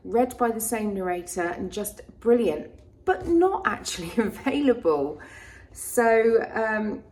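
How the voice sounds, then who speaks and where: A woman chatting softly through a gardening vlog, often dropping into a half-whisper. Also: medium pitch, slightly rough. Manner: soft-spoken, often half-whispered asides. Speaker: vlogger. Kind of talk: casual gardening vlog narration. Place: garden outdoors.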